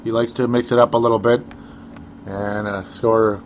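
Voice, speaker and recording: A man's voice: on the low side, level tone, moderate pace, a little hiss or hum. A man co-hosting a sports talk show, rambling casually with chuckles and sarcastic asides.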